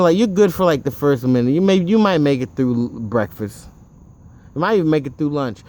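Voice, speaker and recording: Man, average pitch, offhand, rambling, casual storytelling, frequent asides. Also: a little mellow. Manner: offhand, with occasional swearing.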